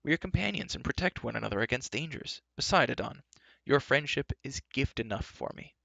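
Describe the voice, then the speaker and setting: An earnest young hero, as a man voices him, pitched higher than the plain voice. He speaks steadily and with care. It is a dry storybook reading. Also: lively intonation, fairly quick, vocal fry, bright, forceful tone, dry recording, lo-fi sound, heavily acted.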